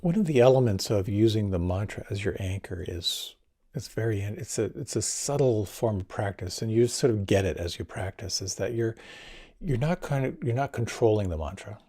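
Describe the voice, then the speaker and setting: A man giving a talk as a meditation teacher, leading a guided meditation in a gentle, unhurried, soft-spoken way. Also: lowish voice, expressive.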